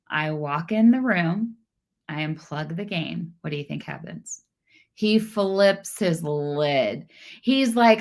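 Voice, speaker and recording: A middle-aged woman giving a casual parenting talk, animated and acting out exchanges with her kids. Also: lowish voice. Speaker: parenting speaker.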